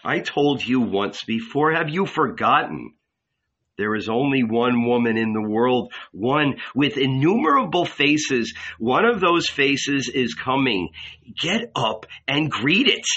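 A mischievous guardian angel in boyish disguise, as a male audiobook reader puts him on, teasing and lecturing in a lifted, playful tone. The delivery is unhurried, and the recording sounds dull and lo-fi. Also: medium pitch, very animated, fairly bright tone, pitched above the performer's own voice, full character voice. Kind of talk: audiobook character reading.

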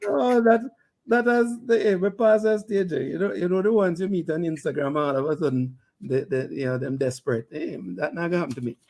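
A man's voice: a little high, fairly quick, darkish tone. An older man with a Jamaican accent hosting an interview, joking and stammering through restarts. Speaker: interview host. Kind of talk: casual interview.

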